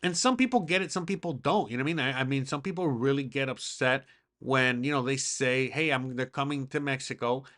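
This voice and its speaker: A podcast host with a medium-pitched, somewhat bright voice speaks a little quickly in a casual, rambling monologue on his own show. He swears often and fills his talk with filler words.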